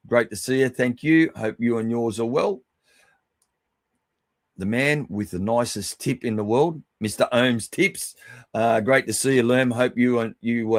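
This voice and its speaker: A middle-aged man hosting a livestream, giving casual, affectionate shout-outs to viewers and swearing freely. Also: medium pitch, no room sound. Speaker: livestream host.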